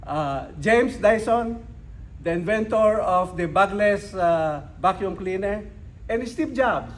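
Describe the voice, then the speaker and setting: An older man giving a club speech, slow and emphatic, with dramatic pauses. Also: sits high, expressive, a little hiss or hum, rough recording. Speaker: club speaker. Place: club meeting room.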